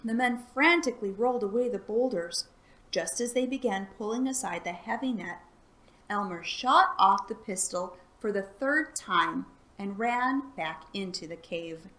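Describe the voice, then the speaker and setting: A woman reading a children's chapter book aloud for a library storytime, calm and soft-spoken. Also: mid-range voice, a little slow.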